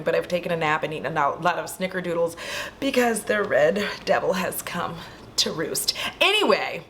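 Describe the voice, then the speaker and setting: A woman's voice: on the low side, slight background noise. A young woman casually retelling a horror movie at home, acting out the screams and lines as she goes. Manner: animated, acts out scenes and screams.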